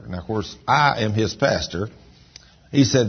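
Male pastor, down-home sermon storyteller; husky, slightly low voice on a dull recording. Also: measured pace. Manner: folksy storytelling, rises in emphasis.

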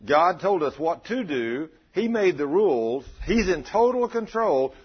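Give me a husky lay preacher telling a dramatic testimony, recorded dull and lo-fi. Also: male voice, fairly high pitch, sing-song, unhurried. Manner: folksy, dramatic storytelling. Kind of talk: sermon testimony.

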